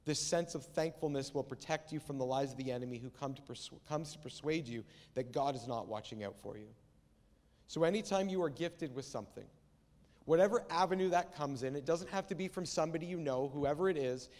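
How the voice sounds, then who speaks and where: Conversational preacher in a reverberant church. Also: male voice, fairly high pitch, a little fast, a little mellow. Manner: conversational preaching, acts out Bible quotes. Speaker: pastor. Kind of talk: sermon. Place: church sanctuary. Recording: long reverb of a church hall.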